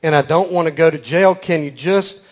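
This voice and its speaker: A man voicing a meek, tearful young woman who pleads softly with a judge. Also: on the high side, normal speed, natural voice. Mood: pleading.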